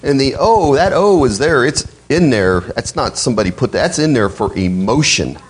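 A male pastor preaching a sermon, with a slightly husky voice, quoting scripture and swinging his voice up high for emphasis. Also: moderate pace, poor audio. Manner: expressive preaching, voice climbing high on quoted outbursts.

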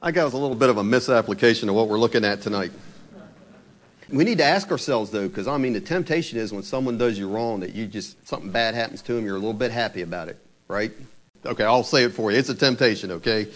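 A man preaching, his voice sitting at an ordinary middle pitch. He retells a story in a conversational way and turns dramatic at key moments. He speaks directly to his congregation. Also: expressive, brisk. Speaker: pastor. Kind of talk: sermon storytelling.

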